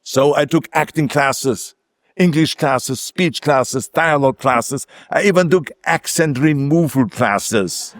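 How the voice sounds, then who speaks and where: A man's voice: fairly high pitch, slow, dry recording. An older man with a German accent, a native German speaker, giving an emphatic ceremonial speech with self-mocking humor. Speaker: guest speaker. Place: outdoor ceremony.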